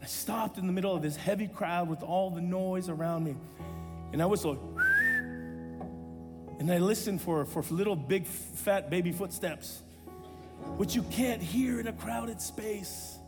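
A man in his thirties, a pastor, preaching a sermon and telling a personal story with animated self-deprecating humor. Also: high voice, measured pace, pauses often, big-room sound, over music.

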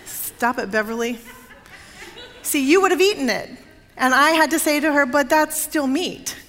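A woman pastor with a high voice preaches to her congregation. She tells stories in a conversational way and turns to the people in the pews with asides. Her words ring out in a long, echoing reverb. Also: lively intonation, moderate pace, a bit bright. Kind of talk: sermon. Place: church sanctuary. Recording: long reverb of a large sanctuary.

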